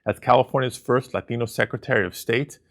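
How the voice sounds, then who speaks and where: A man in his forties delivering a measured, formal prepared acceptance speech. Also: mid-range voice. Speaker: award recipient, senator.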